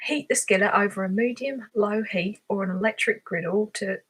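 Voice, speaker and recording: A woman voicing a mock Cockney woman who reads a pancake recipe slowly, with an exaggerated put-on accent. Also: medium pitch, slightly rough, natural voice. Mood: playful.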